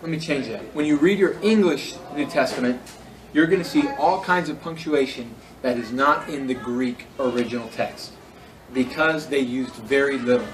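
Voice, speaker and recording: A man's voice: mid-range voice, moderate pace, recorded from a distance, low-quality recording. A man teaching a Greek class in a casual lecture, correcting himself and spelling words out letter by letter.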